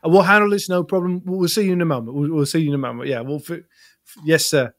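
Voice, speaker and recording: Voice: mid-range voice, steady tone, fast talker, no room sound, studio quality, lightly acted. A performer voicing a short-tempered male band manager who keeps calling people "mate" and swears. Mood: harried.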